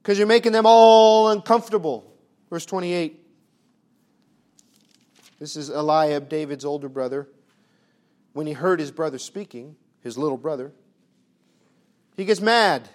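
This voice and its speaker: A male preacher with a high, bright-edged voice drives his sermon with pointed rhetorical questions. He swings between booming emphasis and hushed, intimate lines, and his folksy phrasing keeps it plainspoken. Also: unhurried, pauses often.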